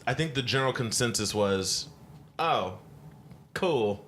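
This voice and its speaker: A man co-hosting a music podcast in casual chat, animated and laughing often. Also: mid-range voice, unhurried, a little hiss or hum. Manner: animated, laughs often, mimics rapper voices. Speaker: podcast co-host.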